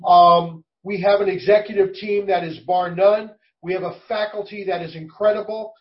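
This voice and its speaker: High-voiced, enthusiastic man, muffled and distant. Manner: enthusiastic, emphatic, storytelling. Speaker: college representative. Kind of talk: interview. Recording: muffled, away from the mic.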